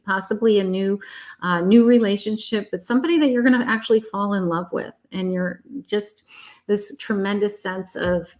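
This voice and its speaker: A woman's voice: a little high, a little mellow. A middle-aged woman reading tarot cards on a live stream, chatting with viewers and reassuring them, calling them honey and sweetheart. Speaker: psychic tarot reader hosting a live stream.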